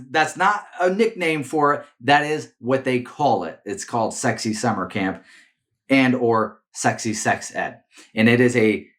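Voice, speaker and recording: Lively, animated man hosting commentary. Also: mid-range voice. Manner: animated, repeats words and restarts often. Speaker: political commentary host. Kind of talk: casual opinion commentary to camera.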